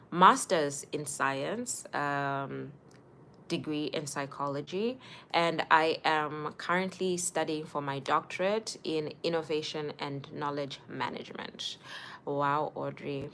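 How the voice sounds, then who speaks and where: A young woman, hosting a casual livestream and chatting warmly with viewers by name. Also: sits low, slight background noise. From Zimbabwe. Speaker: livestream host.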